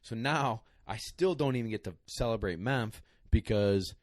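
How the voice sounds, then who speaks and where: A man's voice: on the low side, moderate pace, darkish tone, no room sound, clean studio sound. A man co-hosting a podcast, telling a rambling, emotional story in casual chat, choking up and tearing up as he talks. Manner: emotional, rambling, choked up at times. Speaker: podcast co-host, dog trainer.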